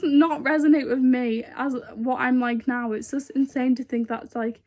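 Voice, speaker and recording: Woman vlogger, high voice, rambling and earnest, casual to-camera chat. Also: fairly even intonation, moderate pace, few pauses, a little mellow. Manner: chatty and rambling, many fillers.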